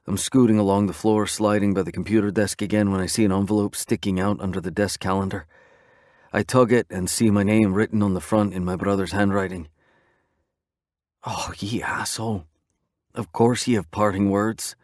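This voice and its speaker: A man narrating a romance audiobook in the first person, in a steady, conversational storytelling manner. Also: fairly low pitch, brisk, dry recording, clean studio sound.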